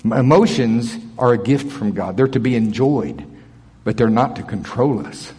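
Animated preacher man in an echoey hall. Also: mid-range voice, moderate pace, breathy edge. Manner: animated, swings from loud to soft. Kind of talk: sermon. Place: church service.

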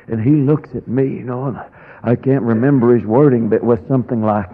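A man's voice: medium pitch, steady tone, brisk. A male preacher telling a personal story in a sermon, dramatic and drawn out, with sudden rises in his voice. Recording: tinny phone-like radio broadcast.

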